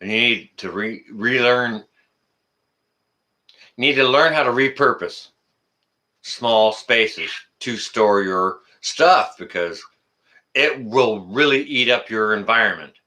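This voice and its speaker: A man's voice: medium pitch, slow, pauses often, bright, forceful tone. A man hosting a casual live stream, rambling, teasing his guest and reading out viewer comments.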